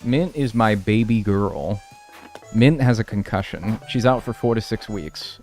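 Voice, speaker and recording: A man's voice: lowish voice, unhurried, darkish tone, soft background music. A young man streaming a life-sim game, rambling casually and answering chat with self-deprecating humor.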